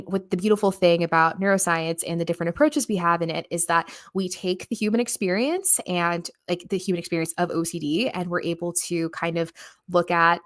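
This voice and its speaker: A woman's voice: on the low side, a bit bright, no room sound, studio quality. A woman hosting a livestream, talking in a casual, earnest way with many fillers as she answers viewers. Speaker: livestream host.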